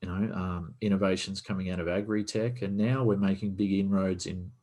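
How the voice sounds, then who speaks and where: Low-voiced man explaining business over a call. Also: fairly even intonation, a little fast, a little mellow. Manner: explanatory, asks rhetorical questions. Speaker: guest business consultant. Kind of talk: casual podcast conversation. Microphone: video call.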